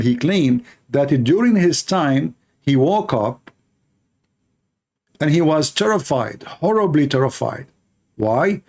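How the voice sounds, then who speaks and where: A man's voice: fairly high pitch, a little mellow. A man hosting a channel, giving mocking, emphatic commentary over clips. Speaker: channel host.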